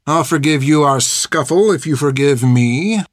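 Male narrator doing a cruel soldier: smooth, precise, mocking, recorded dry. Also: fairly high pitch, animated, measured pace, no echo. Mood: mocking menace. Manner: malicious, mocking taunts. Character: sneering, calculating male soldier.

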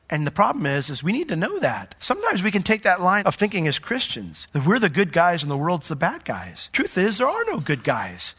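A man preaching a sermon as pastor, animated and acting out the voices he quotes. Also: a little high, slightly rough, big-room sound. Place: church sanctuary.

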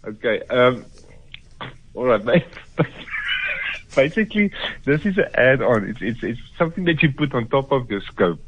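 A man's voice: medium pitch, very animated, moderate pace, slight background noise. A man, a gun shop worker, answering a phone call, hesitant and flustered.

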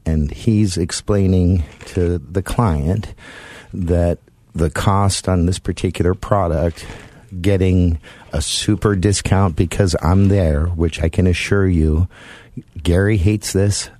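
Low deep guy hosting talk radio, dry close sound, chatty. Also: steady tone, takes it slowly, darkish tone, no echo. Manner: chatty, emphatic storytelling. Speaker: radio show host.

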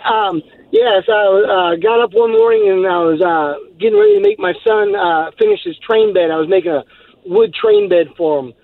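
A man's voice: high-pitched, sing-song, moderate pace, creaky. A male caller telling a long story on a radio show in a rambling, laughing way with many fillers, heard over a phone line. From Texas. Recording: tinny phone line, dry.

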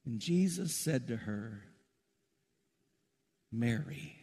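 Middle-aged pastor preaching, bit high voice, swings loud then quiet, big echoey church sound. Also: male voice, expressive, moderate pace. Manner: swings from loud emphatic peaks to soft low asides. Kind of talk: sermon. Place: church sanctuary. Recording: long reverb of a large hall.

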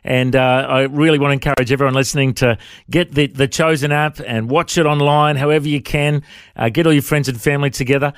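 Radio host, dry studio sound. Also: male voice, medium pitch, steady tone, fast, clear, resonant tone, dry recording. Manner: friendly, says mate a lot. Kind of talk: radio interview.

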